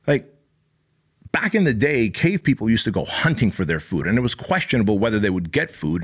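Middle-aged male host, blunt and profane motivational speaker, mid-pitched voice, punchy delivery. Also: vocal fry, husky. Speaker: podcast host. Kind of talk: motivational monologue.

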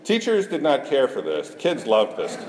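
A man's voice: mid-range voice, wildly swooping pitch, normal speed. A middle-aged man from Iowa, a cartoonist giving a self-deprecating conference talk, joking with the audience. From Iowa, USA. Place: conference hall. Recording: echoey hall, faint room noise.

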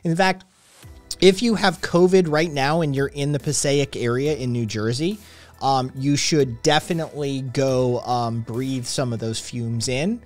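A man's voice: mid-range voice, unhurried, a little mellow, soft background music. A man streaming live, chatting casually with viewers in a rambling, sarcastic way, with lots of swearing and filler words.

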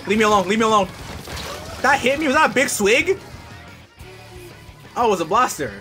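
Guy streaming a shooter, high voice, gets loud and trash talks, bit of music in the back. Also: fairly quick. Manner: excitable, yells and trash-talks at opponents. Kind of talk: live gameplay commentary.

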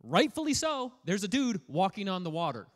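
A pastor preaching a sermon in an energetic, playful way, prodding the congregation to respond. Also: male voice, high voice, a little fast. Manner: energetic, playful, prods the audience for feedback.

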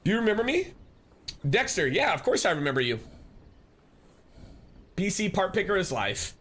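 A man's voice: sits high, big pitch swings, moderate pace, a bit bright, breathy edge. A man live-streaming, chatting casually and rambling as he answers viewers and thanks them. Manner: rambling, restarts often, reads chat aloud.

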